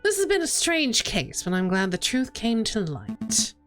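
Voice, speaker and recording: A woman's voice: fairly high pitch, huge pitch swings, unhurried, fairly bright tone, soft background music, full character voice. A woman voicing an earnest young male sparrow who works as an assistant lawyer and speaks politely and eagerly.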